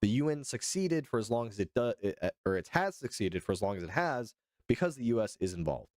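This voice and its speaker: A man's voice: on the low side, very animated, a little fast, darkish tone, no echo, studio quality. A young man from Arizona hosting a casual political livestream, chatting with viewers and reading articles aloud with loose, profane asides. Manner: loose, profane, chatty, answers chat by name.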